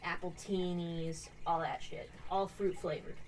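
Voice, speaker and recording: A young woman co-hosting a casual crochet stream, telling lively stories and acting out what people said. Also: fairly low pitch, a little slow, slight background noise, low-quality recording. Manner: animated storyteller, acts out quotes. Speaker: stream co-host.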